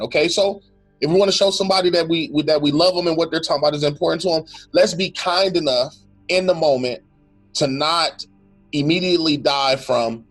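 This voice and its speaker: Earnest, reflective man, slightly high voice. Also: fairly quick, fairly bright tone, faint music behind. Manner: earnest and reflective, quotes imagined speech, restarts often. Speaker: podcast co-host. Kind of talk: casual faith-based conversation.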